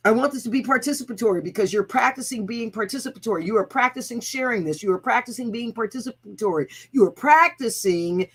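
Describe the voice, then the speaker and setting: A woman's voice: a little high, quick pace, hardly any pauses, fairly bright tone, husky, rough recording. A woman hosting her own livestream, talking bluntly and profanely, chanting repeated slogans to rally her viewers. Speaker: host of own channel. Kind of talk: livestreamed motivational rant.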